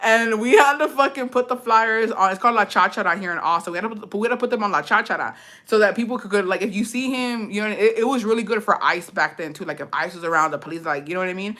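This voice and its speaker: A woman's voice: mid-range voice, fast. A young woman telling a story in a casual vlog, swearing freely and acting out the voices of the people in it. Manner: profane, animated storytelling, drifts into Spanish words.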